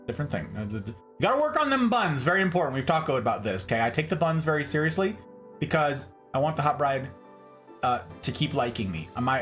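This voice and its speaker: A man from Nevada chatting casually on a livestream as he reads his chat, joking and swinging between high and low voices. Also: a bit bright. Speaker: streamer reading chat.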